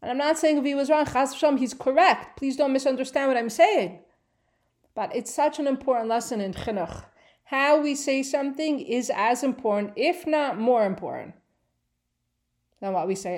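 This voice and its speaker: A woman teaching a Bible class, reading Hebrew verses aloud and translating them, with an expressive delivery that swings between emphatic and hushed. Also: sits high, fairly quick. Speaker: Torah teacher.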